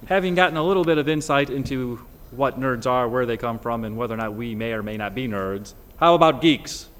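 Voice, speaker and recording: A man's voice: mid-range voice, fairly bright tone, slight background noise. Man explaining word origins in a reverberant room. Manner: measured, lecturing from notes. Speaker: podcast host. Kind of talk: casual group chat, explaining word origins.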